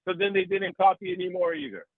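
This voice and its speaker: Casual interview guest: husky, animated man, dry tinny phone-like sound. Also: high-pitched, fast talker, no room sound. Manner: animated, profane, rambling.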